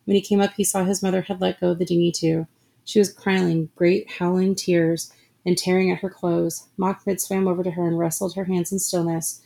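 A woman reading a story aloud in a steady, measured narration. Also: lowish voice, creaky. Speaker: audiobook narrator.

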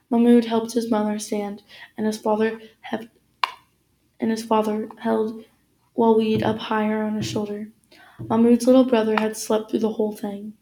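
A woman reading a novel aloud as narrator, in a steady storytelling manner. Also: fairly high pitch, moderate pace, a little hiss or hum, poor audio. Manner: steady storytelling with small slips.

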